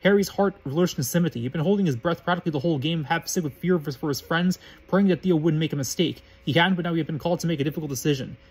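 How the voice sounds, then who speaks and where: A man narrates fan fiction aloud in a plain, matter-of-fact storybook style. His voice is a bit high and husky, he moves quickly, and the recording is rough.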